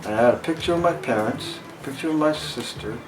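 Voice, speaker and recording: A man's voice: mid-range voice, expressive, fast talker, music in the background. A man in his sixties from Los Angeles, telling his story frankly in an oral history interview at his home. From Los Angeles, USA. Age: 60s. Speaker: veteran interviewee. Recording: distant mic with air conditioner hum. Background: air conditioning hum.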